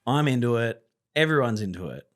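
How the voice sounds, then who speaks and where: A man, co-hosting a podcast and telling stories in a relaxed, sweary way. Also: mid-range voice, fairly quick. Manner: laid-back storyteller, swears freely. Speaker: podcast co-host. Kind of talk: casual banter.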